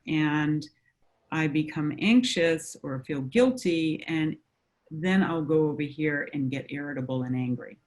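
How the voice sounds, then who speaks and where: A woman counselor talking through coping ideas in a conversation. She explains in a measured way, with frequent fillers. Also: deep voice. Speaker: mental health counselor.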